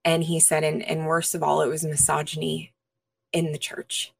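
Woman, low voice, flat and even, earnest testimony, pausing with fillers. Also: creaky, slightly rough. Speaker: interview guest, minister. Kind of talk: personal testimony in an interview.

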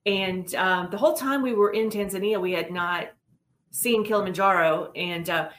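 A middle-aged woman telling a personal story in an earnest, animated way as an interview guest. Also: medium pitch, moderate pace. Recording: roomy echo.

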